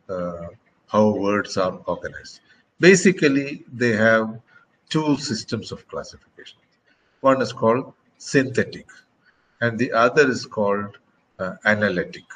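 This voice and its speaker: A man giving a classroom lecture, speaking slowly and deliberately, with frequent fillers and check-ins. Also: fairly low pitch, fairly bright tone, a little hiss or hum, rough recording. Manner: slow, deliberate, frequent "okay" and "uh".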